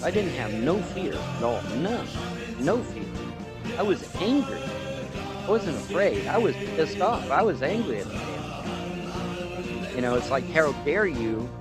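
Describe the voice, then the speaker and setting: A man telling a rambling, profanity-laced story in a swaggering way, often repeating himself, with music playing loudly behind him. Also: high voice, sing-song, unhurried, pauses often, poor audio. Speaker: online commentator.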